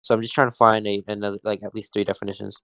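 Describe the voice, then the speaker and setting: A man arguing in an online debate, halting and hesitant, often stopping himself mid-sentence. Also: lowish voice, little pitch movement, gravelly, a bit bright, no echo. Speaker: debate opponent.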